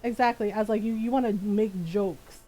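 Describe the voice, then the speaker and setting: A woman's voice: mid-range voice, steady tone, brisk, dark tone, faint music behind, low-quality recording. A woman, ranting and swearing in casual chat as a streamer, laughing often. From Philippines.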